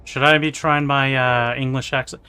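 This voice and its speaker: A man's voice: medium pitch, level tone, moderate pace, bright, forceful tone, slight background noise. A man playing a video game on stream, chatting casually with his viewers. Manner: chatty, talks to viewers, laughs. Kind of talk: casual let's-play commentary.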